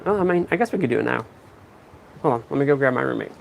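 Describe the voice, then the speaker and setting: Laid-back young man with gravelly voice. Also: mid-range voice, lively intonation, rapid-fire, background noise. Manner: laid-back, spells words out letter by letter. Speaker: vlogger and parrot owner. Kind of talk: casual chat to camera. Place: at home.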